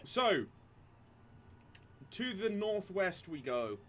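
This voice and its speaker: A man's voice: high voice, very animated, drawn-out words, a bit bright. A man playing in a tabletop game, joking, laughing easily and repeating himself. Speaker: player. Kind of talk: casual tabletop game chat.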